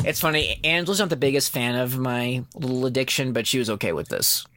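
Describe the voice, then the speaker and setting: A man's voice: medium pitch, brisk, pushed and bright, slight background noise. A man co-hosting a comics podcast in casual chat, rambling with lots of fillers and laughter. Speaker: podcast co-host.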